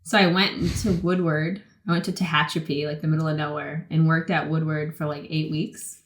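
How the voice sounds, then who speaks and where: A woman in her twenties from the Boston area, telling stories in a casual interview, talking fast and loose with lots of "like" and acted-out quotes. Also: deep voice, little pitch movement, roomy sound, a little hiss or hum. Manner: chatty, many "like" fillers, acts out quotes. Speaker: guest, pro skateboarder.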